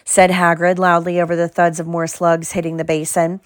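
A woman with a low, steady voice narrating a children's fantasy audiobook. Her read is even and clear. It is recorded close and dry, with no room around it. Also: moderate pace, few pauses, no room sound. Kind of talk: scripted narration.

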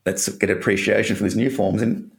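A man's voice: fairly low pitch, level tone, fairly quick, creaky, a little hiss or hum. A man from Australia telling a candid personal story in an interview, rambling and swearing casually.

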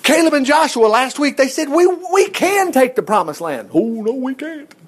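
A man delivers a sermon with a high, bright-sounding voice that swoops all over as he tells the story. He acts out the quotes and chuckles between lines. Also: very animated, moderate pace. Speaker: preacher.

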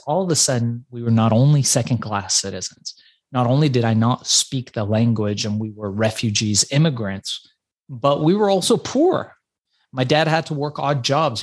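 Iran-born man telling his story. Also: mid-range voice. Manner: animated storyteller with frequent restarts. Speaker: podcast guest. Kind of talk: casual interview storytelling.

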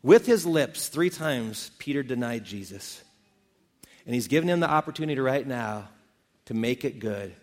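A man's voice: medium pitch, expressive, normal speed, long reverb tail. A male pastor preaching a sermon, retelling scripture stories in a casual, folksy way.

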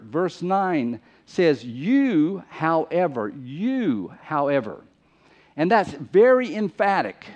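A man's voice: on the high side, a little mellow. A man preaching a sermon in an emphatic, conversational way, often repeating phrases for stress. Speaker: pastor. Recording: muffled lo-fi recording.

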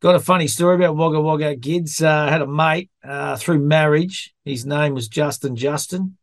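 A chatty Australian man hosts a casual sports chat, his voice sitting a little high. He tells yarns and calls everyone mate. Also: moderate pace, dry recording, clean studio sound. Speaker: podcast host.

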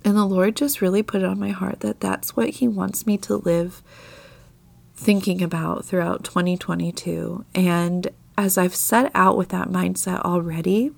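A woman with a fairly low, creaky voice hosts a devotional podcast, giving a Bible talk at a normal speed in a steady tone. Her voice is a little scratchy because she is at the tail end of a mild illness. She comes across as earnest and confessional, with soft laughs here and there.

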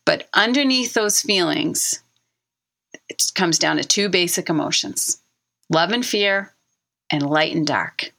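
A woman's voice: on the low side, slow pace, creaky, pauses often, bright, forceful tone. A middle-aged woman hosting a self-help podcast, coaching listeners earnestly and repeating key phrases for emphasis. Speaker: podcast host and author.

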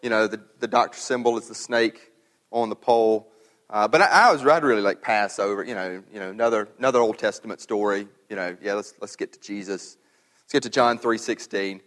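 A pastor preaches a sermon conversationally in a church sanctuary, often repeating words as he thinks aloud. His voice is lowish and fairly bright, a little fast. The recording carries a long hall reverb.

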